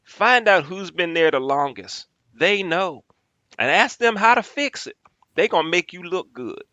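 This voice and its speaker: A man's voice: high voice, expressive, a little slow, bright, forceful tone, no room sound, lo-fi sound, voice pushed up, heavily acted. A man putting on a Southern accent to play a blunt, folksy older male hotel CEO giving down-home advice.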